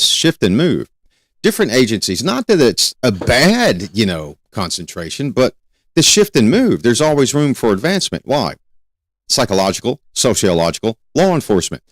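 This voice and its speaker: A man's voice: medium pitch, very animated, normal speed, dry recording. A man hosting a criminal justice lecture, talking emphatically, repeating key points and asking rhetorical questions. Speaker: criminal justice educator and show host. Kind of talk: spoken lecture to students.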